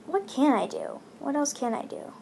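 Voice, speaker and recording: A woman's voice: high voice, huge pitch swings, moderate pace, vocal fry, mellow. A woman from India chatting casually as she comments on a game, rambling with many fillers. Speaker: gaming channel host.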